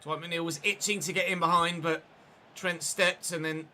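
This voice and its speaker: A man's voice: fairly high pitch, flat delivery, normal speed, pushed and bright, slight background noise. A man live-streaming a football game, giving play-by-play commentary with chatty asides to viewers. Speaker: gaming streamer.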